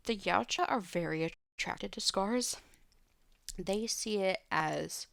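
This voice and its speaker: A woman's voice: medium pitch, slow pace, gravelly, a bit bright, no room sound, clean studio sound. A woman streamer at home, answering viewer questions in a loose, rambling way with many fillers and restarts. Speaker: live streamer. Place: home room.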